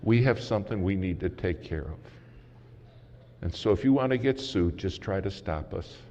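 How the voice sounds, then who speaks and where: A man preaching a sermon as a story, dramatic and swinging from loud to hushed, recorded in a large conference hall. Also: low voice, expressive, normal speed. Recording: muffled hall recording with faint hiss.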